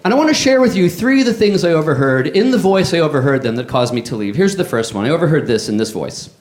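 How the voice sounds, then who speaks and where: A man, doing a deadpan stand-up comedy set on a club stage into a handheld mic. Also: on the high side, fast talker. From New York. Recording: echoey club with crowd. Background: audience laughter.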